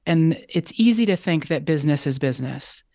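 A woman's voice: low voice, animated, fairly quick, mellow, dry recording, studio quality. A woman guest on a business podcast, talking emphatically and repeating phrases for stress. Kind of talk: conversational interview.

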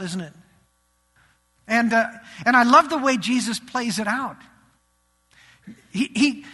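A man preaching an Easter sermon in a church, animated, rising and dropping his voice for emphasis. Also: extremely high pitch, normal speed, long pauses, slightly rough. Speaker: pastor. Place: church sanctuary. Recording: long hall reverb.

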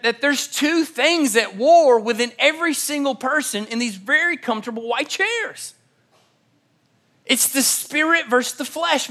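In a church auditorium, a young man delivers a sermon built on his own stories, voicing the quoted lines as he tells them. He sounds very high-pitched, with a bright, forceful tone.

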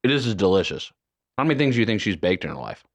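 Guy radio host, talks quick and teasing, morning show chatter in the studio. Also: lowish voice, big pitch swings. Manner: playful, teasing, quick to joke. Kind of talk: casual morning radio banter.

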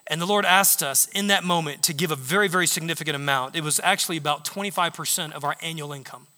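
A male pastor preaching in a church sanctuary, a high, bright voice that tells stories and acts out the lines of others. It rings through a large hall with long reverb. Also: quick pace. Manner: animated storytelling, acting out quotes. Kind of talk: sermon.

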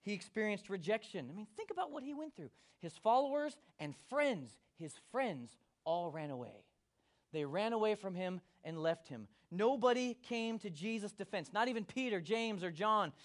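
A male pastor preaching a sermon, swinging from hushed to loud and acting out quotes. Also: high voice, lively intonation, moderate pace.

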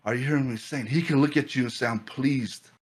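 A man preaching a fervent sermon as pastor, repeating phrases and building excitement. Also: medium pitch, very fast, breathy edge.

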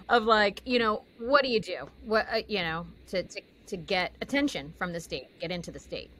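A woman hosting a casual interview, chatty and quick to laugh, often restarting her sentences. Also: on the high side, fairly bright tone. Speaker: host.

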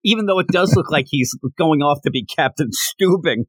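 A man's voice: fairly high pitch, lively intonation, moderate pace, a bit bright, breathy edge, dry recording. A man hosting a podcast, chatting casually and animatedly as he retells comic scenes. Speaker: podcast host. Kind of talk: casual chat reviewing a comic.

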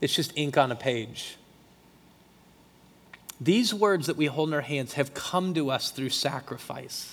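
A man's voice: mid-range voice, animated, unhurried, long pauses. A middle-aged male pastor preaching a passionate, emotional sermon with emphatic repetition in a church. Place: church sanctuary. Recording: long hall reverb.

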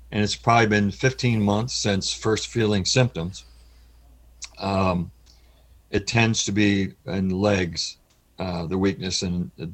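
A middle-aged man giving an interview, speaking in an earnest, halting way with frequent pauses, his voice cracking with emotion. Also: low-pitched. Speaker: interview guest. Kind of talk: candid personal interview.

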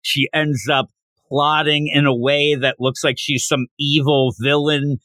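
This man hosts a podcast, unhurriedly going over a manga chapter in a voice on the high side. The recording has no echo. He keeps it casual and animated, slipping into character voices.

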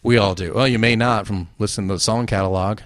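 A man's voice: fairly low pitch, steady tone, fast, a bit bright, no room sound, clean studio sound. Wry, sarcastic man hosting a solo show. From New Jersey. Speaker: podcast host. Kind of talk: casual solo commentary.

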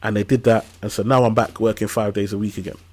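A man in his thirties, a podcast guest who tells lively stories in casual slang. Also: lowish voice, quick pace. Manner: animated storytelling with casual slang. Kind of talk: casual conversational interview.

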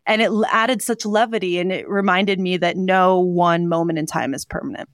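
A woman's voice: lowish voice, steady tone, moderate pace, no room sound, clean studio sound. Earnest woman co-hosting a podcast. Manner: warm, earnest, with frequent fillers. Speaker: podcast co-host. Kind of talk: casual chat on hope and mental health.

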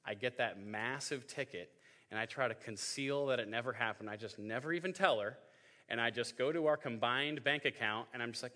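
A man's voice: medium pitch, fairly quick, sharp tone. A young man in his twenties giving a joking sermon to a youth group, telling stories and acting out voices. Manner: joking storytelling, acts out voices. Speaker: youth pastor. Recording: hall reverb.

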